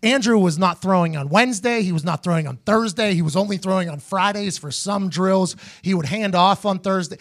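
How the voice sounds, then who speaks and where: A man hosting a podcast, telling a story in an animated, profane way and acting out both sides of each conversation. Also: sits high, brisk, few pauses. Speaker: podcast host. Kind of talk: casual storytelling chat.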